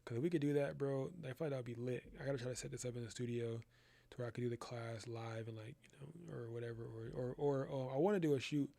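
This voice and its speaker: A young man chats his way through a live photography class in his studio, speaking fast in a steady, medium-pitched voice that's creaky yet mellow. He's relaxed and rambling, slangy, and calls everyone "bro" a lot.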